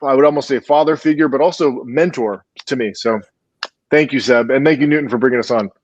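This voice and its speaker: A man, a filmmaker appearing as a guest, telling an animated, chatty story with lots of restarts. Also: medium pitch, brisk, no echo, muffled recording. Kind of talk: storytelling in an interview.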